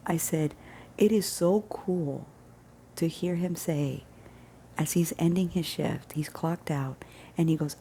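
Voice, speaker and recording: A woman telling a personal story in a casual vlog, earnest and emphatic, often dropping to a hushed near-whisper. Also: low voice, a little hiss or hum. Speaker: vlogger.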